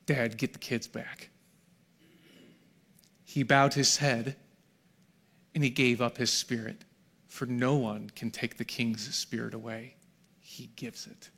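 A middle-aged male pastor preaching a sermon to a congregation in a church hall, swinging from hushed, near-whispered lines to shouted peaks. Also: mid-range voice, little pitch movement, slow pace, gravelly, pauses often.

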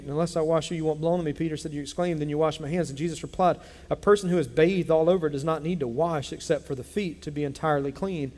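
A man preaching a sermon as pastor, telling a Bible story in an animated way and acting out its characters. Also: fairly high pitch, fairly quick. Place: church sanctuary. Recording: long hall reverb.

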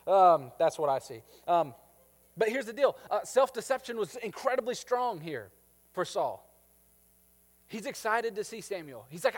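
A man preaching a sermon as a pastor, animated and jokey, acting out the people in the story. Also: fairly high pitch, normal speed, big-room sound. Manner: animated, jokey, acts out biblical characters.

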